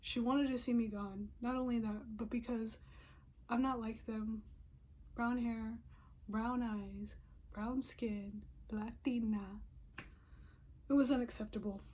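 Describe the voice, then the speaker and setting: A woman's voice: on the high side, fairly even intonation, takes it slowly, long pauses, darkish tone, husky. A young adult woman vlogger telling a personal story in a storytime monologue, emotional and often dropping into whispered asides, with frequent "you know" fillers.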